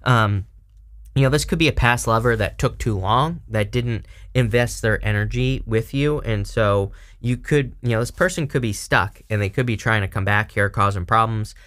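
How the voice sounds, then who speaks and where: A man's voice: on the low side, moderate pace, fairly bright tone. A man hosting his own channel, giving a casual tarot reading in a meandering, conversational way with asides to his viewers. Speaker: tarot reader, channel host.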